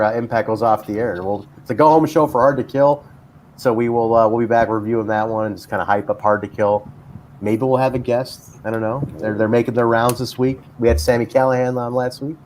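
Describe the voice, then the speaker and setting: A man's voice: medium pitch, brisk, darkish tone, slight background noise. A man hosting a casual chat show, rambling with lots of fillers and restarts. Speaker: podcast host.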